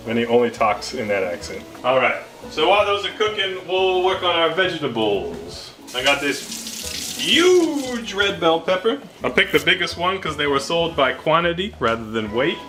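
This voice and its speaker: A man hosting a casual cooking vlog in his home kitchen, with goofy, deadpan wordplay. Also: fairly high pitch, moderate pace. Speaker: cooking show host. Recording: music playing underneath.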